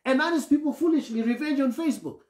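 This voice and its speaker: A man's voice: very high-pitched, fast talker, darkish tone, roomy sound. A man preaching a sermon, often checking that his listeners follow him and acting out the voices of grumbling people. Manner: asks the congregation for assent often; acts out grumbling voices to illustrate.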